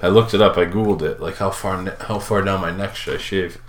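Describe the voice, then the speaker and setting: A man's voice: deep voice, brisk, slight background noise. A middle-aged man from Minnesota co-hosting a casual live-stream chat, joking and laughing often. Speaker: podcast co-host. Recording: echoey room.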